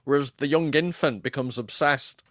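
A man's voice: medium pitch, normal speed, fairly bright tone, no room sound. Wry man on a dry mic. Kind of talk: casual chat.

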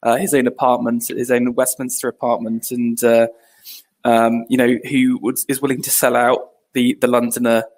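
Man, monotone voice, halting rambling commentary. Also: medium pitch. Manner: rambling, halting, with many you-knows. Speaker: co-host reacting to a clip. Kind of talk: casual commentary.

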